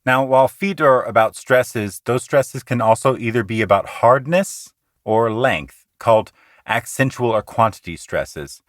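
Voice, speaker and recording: A man hosting a poetry podcast, explaining meter in an earnest, conversational teaching manner that shifts between quick asides and slow, deliberate reading. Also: mid-range voice, dry recording, studio quality. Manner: earnest, explanatory, slows down to recite lines rhythmically.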